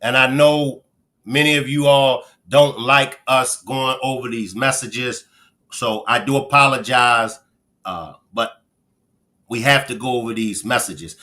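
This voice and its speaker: A man from Baltimore with a Baltimore accent, hosting a casual livestream and chatting with viewers as he gives shout-outs. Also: medium pitch, fairly even intonation, unhurried. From Baltimore, Maryland. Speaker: livestream host.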